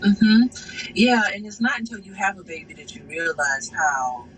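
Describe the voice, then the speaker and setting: A woman's voice: mid-range voice, lively intonation, unhurried, fairly bright tone, slight background noise, rough recording. A woman in casual conversation, giving brief teasing, laughing replies.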